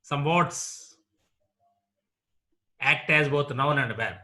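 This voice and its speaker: Slow, bright-voiced Indian English lecturer. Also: male voice, on the high side. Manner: slow, deliberate, repeats example words for drill. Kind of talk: classroom lecture on word stress.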